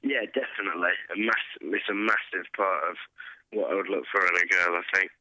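A man's voice: low-pitched, steady tone, brisk, pushed and bright, dry recording, low-quality recording. A young man being interviewed as a guest musician, answering in an easygoing, hesitant way with many fillers. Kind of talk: casual interview.

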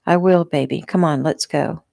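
A woman voicing a calm, determined father who speaks quietly and steadily. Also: deep voice, normal speed, gravelly, dry recording, studio quality, full character voice.

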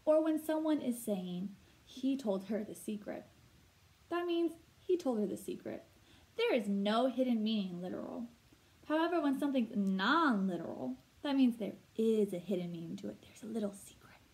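A woman teacher explaining vocabulary words slowly and clearly, asking her listeners questions as she goes. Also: on the high side, expressive, a little mellow, rough recording. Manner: slow, clear teacher talk with rhetorical questions. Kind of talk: read-aloud vocabulary lesson.

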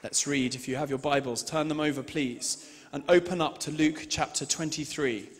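Guy preaching in a big echoey church, kinda high voice, goes loud then real quiet and slow. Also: steady tone. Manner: dramatic, swings between loud emphasis and hushed slow delivery. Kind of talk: sermon with scripture reading. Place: large church hall. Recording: reverberant hall sound.

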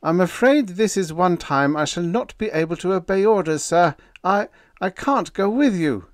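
A man voicing an earnest young male ship lieutenant, raised in pitch, speaking stiffly with stammers. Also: expressive, normal speed, no room sound, clean studio sound. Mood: anxious.

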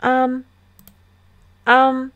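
A woman's voice: high-pitched, monotone, very slow, fairly bright tone, no room sound, lo-fi sound. A young woman casually commenting on a life-sim game she plays, chatty and giggly with many fillers, into a desktop microphone. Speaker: let's play host. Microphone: desktop USB microphone.

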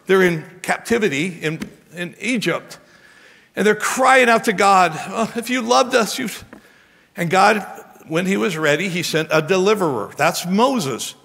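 A man pastor preaching a sermon in an animated way, often stammering and restarting his words. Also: sits high, gravelly. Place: church sanctuary. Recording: long church hall reverb.

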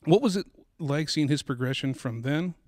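A man hosting a podcast who asks questions in a relaxed, casual way with hesitant restarts. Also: on the high side, moderate pace, dry recording, clean studio sound. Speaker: podcast host. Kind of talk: casual interview.

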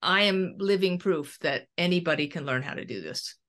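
A woman's voice: on the low side, normal speed, a bit bright. A middle-aged woman, a medium and researcher, telling a personal story in an interview and acting out the dialogue as she goes.

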